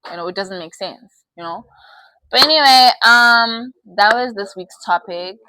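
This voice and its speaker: A young woman hosts a casual advice chat, candid and animated, laughing often. Her voice is bright and forward, recorded dry and close with no room sound. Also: medium pitch, unhurried, smooth, dry recording, poor audio. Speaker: podcast host.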